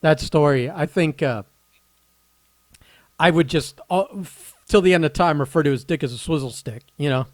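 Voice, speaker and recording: A man's voice: a little high, moderate pace, pauses often. A man chatting casually on a podcast, hesitant and full of fillers as he reacts to a story. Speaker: podcast co-host.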